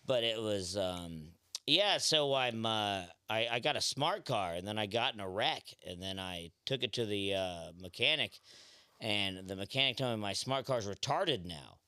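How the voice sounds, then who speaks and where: A man's voice: on the low side, moderate pace, clear, resonant tone, no room sound, clean studio sound. A man with a Southern accent from Memphis, telling rambling stories in a casual podcast chat. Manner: rambling, animated storyteller. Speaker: podcast co-host.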